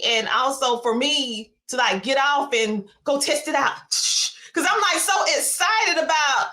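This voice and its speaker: A woman with a Southern US accent hosting an interview, talking in an excitable, animated way with lots of laughter. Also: high voice, unhurried, hardly any pauses. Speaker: podcast host. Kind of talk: casual interview chat.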